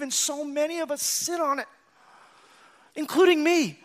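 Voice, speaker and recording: A pastor preaching a sermon to his congregation, earnest, swelling into emphatic bursts and dropping to quiet, confiding asides, calling out to the church. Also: very high voice, steady tone, normal speed. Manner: calls out to the congregation.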